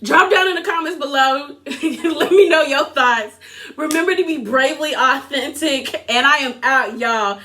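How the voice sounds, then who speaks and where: A woman hosting a casual recap vlog about a reality show. Her voice sits high and sounds crisp and bright. She talks in an animated way, laughing often and slipping into imitations. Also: normal speed.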